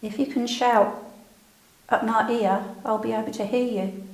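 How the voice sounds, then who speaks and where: Woman ghost hunter, slow and tense, echoey room. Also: fairly high pitch, fairly even intonation, darkish tone. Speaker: paranormal investigator. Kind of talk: calling out to spirits. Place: indoor building on a ghost hunt.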